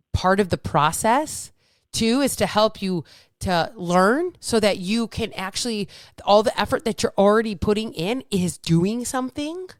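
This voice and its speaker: A woman's voice: medium pitch, no echo, clean studio sound. A woman fitness coach hosting her podcast in a casual motivational talk, blunt and upbeat, swearing freely.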